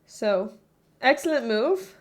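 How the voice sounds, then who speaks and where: A woman's voice: fairly high pitch, lively intonation, slow pace. A woman streamer chatting casually with her viewers, rambling and often stopping herself mid-thought. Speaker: live streamer. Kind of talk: casual live-stream chat.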